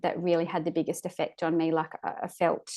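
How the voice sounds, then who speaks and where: A woman, a podcast guest, recounts a personal birth story in a halting way, searching for words and restarting her sentences, sounding close to tears at times. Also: low-pitched, flat delivery, mellow.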